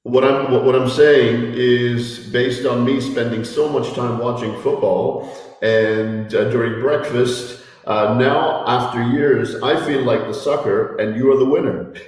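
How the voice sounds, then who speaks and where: A Canadian man co-hosting a casual chat show, slow and rambling, often laughing. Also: mid-range voice, fairly even intonation, a little mellow. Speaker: co-host. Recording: echoey room mic with long reverb.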